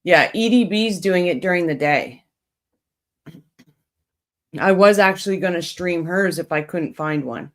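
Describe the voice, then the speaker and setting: A woman's voice: on the low side, measured pace, long pauses. A woman hosting a true crime livestream, chatting casually with viewers and reading their comments while coming down with a cold.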